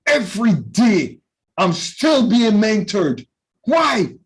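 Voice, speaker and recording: A man teaching a youth class in a loud, passionate preaching style, often calling out to his listeners. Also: high voice, big pitch swings, slow pace, breathy edge, low-quality recording. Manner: loud and passionate, with call-and-response phrases.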